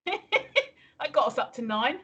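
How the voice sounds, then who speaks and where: A woman's voice: high-pitched, big pitch swings, slow, a bit bright, slightly rough, dull audio, soft background music. A woman co-hosting a livestream in casual chat, chatty and giggly, reading viewer messages aloud. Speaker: co-host of a livestream.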